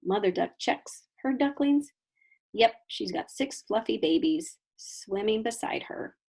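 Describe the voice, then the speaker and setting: Lively kindergarten teacher, gravelly and husky. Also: female voice, a little high, measured pace. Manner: animated, questioning storybook voice for children. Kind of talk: reading a picture book aloud with explanations.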